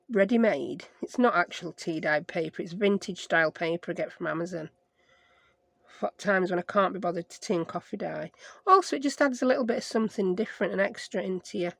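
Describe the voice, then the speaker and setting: With no echo, a woman's lowish voice with vocal fry comes through clearly. She is a craft vlogger with a Sheffield accent, doing chatty craft-along narration that rambles, pokes fun at herself, and features playful invented words.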